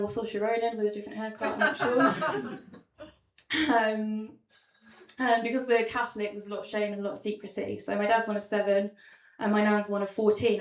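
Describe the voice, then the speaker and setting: A young woman doing stand-up comedy in a small theatre, wry and self-deprecating, with a lot of ums. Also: mid-range voice. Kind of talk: stand-up comedy show with slides. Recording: roomy sound from a distance.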